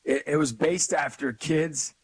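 A youth speaker appears as a guest in an animated storytelling interview, his voice a little high and husky at a measured pace. He tells stories with energy and emphasis, acting out the people he quotes.

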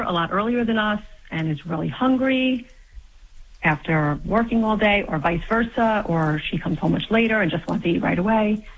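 Hesitant middle-aged woman calling in on a dull line. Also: lowish voice. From New York. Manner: hesitant, with many ums and self-corrections. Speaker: caller. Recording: dull lo-fi phone call audio.

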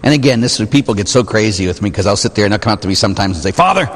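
A man's voice: on the low side, racing. A man, a Catholic priest, preaching a sermon in a church in a conversational way, full of rhetorical questions. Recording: long reverb of a church hall.

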